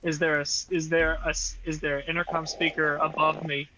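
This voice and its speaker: A man's voice: a little high, flat delivery, a little fast, pushed and bright, slight background noise, rough recording. A man playing a tabletop game, eager and decisive as he declares his actions. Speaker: player. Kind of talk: casual tabletop play.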